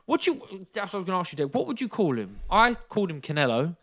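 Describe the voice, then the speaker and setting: Animated man telling stories. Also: high-pitched, very fast. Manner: animated anecdote-telling, swears freely, acts out quotes. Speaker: podcast co-host, former boxer. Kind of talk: casual storytelling chat.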